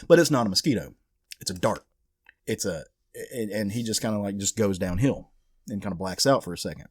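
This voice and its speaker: A man's voice: fairly low pitch, slightly rough, no room sound, clean studio sound. A man co-hosting a casual podcast, retelling a comic story with acted-out lines and swearing. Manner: animated storyteller, swears, acts out characters. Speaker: podcast co-host. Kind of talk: casual comic book chat.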